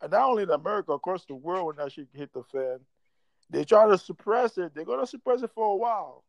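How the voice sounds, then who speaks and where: A man's voice: high-pitched, lively intonation, fast, vocal fry, no room sound, lo-fi sound. A man in casual chat who talks in a rambling, profane way and laughs often.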